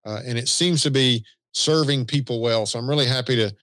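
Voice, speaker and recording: A man's voice: mid-range voice, a little fast, fairly bright tone, no room sound. A man with a Southern US accent co-hosting a podcast in easygoing, self-deprecating casual chat. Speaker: podcast co-host.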